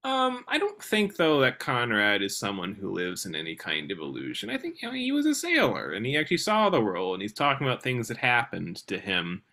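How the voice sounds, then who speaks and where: This man speaks briskly in a mid-range voice, hardly pausing, as he co-hosts a casual podcast discussion of a novel. Animated and hesitant at once, he restarts frequently, uses many fillers and reads passages aloud at times.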